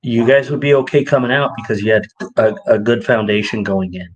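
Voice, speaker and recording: Animated man acting out stories. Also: brisk, lo-fi sound. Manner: animated storyteller, acts out quotes with rising pitch. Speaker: podcast co-host. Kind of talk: casual chat.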